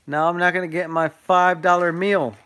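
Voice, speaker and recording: A man's voice: high-pitched, little pitch movement, normal speed, a bit bright, clean tone. A man chatting casually on a live stream from his phone, calling to his dogs and laughing with viewers.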